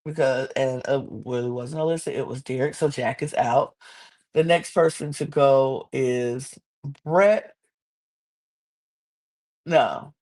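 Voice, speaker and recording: A woman hosting a podcast, chatting casually and animatedly about a reality show, sometimes acting out people in high squeaky voices. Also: darkish tone. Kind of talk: casual chat.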